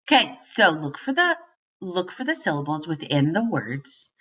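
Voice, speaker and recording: A woman teacher reading a children's book aloud to young students and asking the class questions in a gentle, sing-song way. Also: fairly low pitch, very animated, moderate pace, breathy edge. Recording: distant mic.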